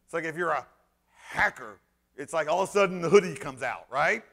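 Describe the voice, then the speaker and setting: High gravelly sarcastic man. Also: expressive, fairly quick. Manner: sarcastic, emphatic, bursts into shouting; rambling fillers and restarts. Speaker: conference speaker. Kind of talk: animated conference talk. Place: conference hall stage.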